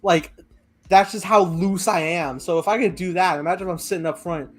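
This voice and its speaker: A man hosting a podcast, telling stories casually in an animated, joking way. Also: high voice, fairly quick. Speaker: podcast host. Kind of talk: casual chat.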